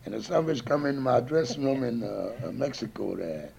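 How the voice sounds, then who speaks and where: A man's voice: medium pitch, sing-song, fairly quick, darkish tone, slight background noise. A man, a touring musician, chatting casually and telling rambling, profane stories with lots of laughter. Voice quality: gravelly. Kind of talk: casual chat.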